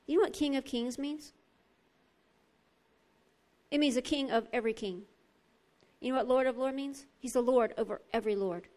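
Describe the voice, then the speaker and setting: A woman preaching a sermon, swinging between loud, emphatic bursts and soft, quiet asides. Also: sits high, normal speed, pauses often.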